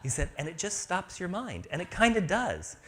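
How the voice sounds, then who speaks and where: Man, spiritual speaker at a live talk; playful, very animated pitch, slips into little voices. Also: moderate pace. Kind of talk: inspirational talk to a live audience.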